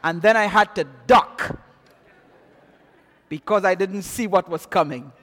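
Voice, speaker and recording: A man preaching a sermon in an animated way, often repeating words as he builds, in an echoey hall. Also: sits high, unhurried.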